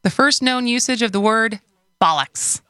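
A woman's voice: medium pitch, lively intonation, moderate pace, sharp tone, no echo, studio quality. A woman with a Wisconsin accent co-hosting a radio talk show, chatting loosely and giggling often. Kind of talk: casual radio chat.

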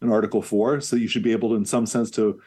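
A man's voice: fairly low pitch, flat delivery, fast talker, dark tone, breathy edge. A man who is a professor, explaining at length as a guest in an interview, fluent and lecture-like with occasional fillers.

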